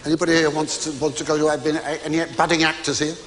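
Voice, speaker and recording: A man's voice: on the high side, flat delivery, very fast, noisy background. An older man doing live stand-up comedy, chatty and stammering, with exclamatory asides to a student audience. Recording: reverberant hall with audience.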